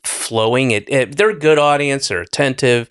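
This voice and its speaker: A man's voice: medium pitch, normal speed, fairly bright tone, clean tone, no echo, studio quality. Man rambling, profane podcast host. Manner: rambling, profane, jokey storytelling with mimicked voices. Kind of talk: casual chat.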